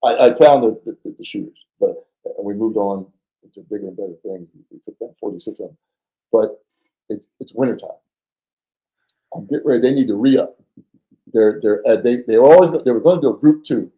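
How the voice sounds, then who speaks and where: A man telling a story as a podcast guest, animated and acting out the voices of people in it, often stammering and repeating words. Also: fairly low pitch, brisk, pauses often, echoey room, low-quality recording. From New Jersey. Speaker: podcast guest, former undercover FBI agent. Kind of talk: casual storytelling.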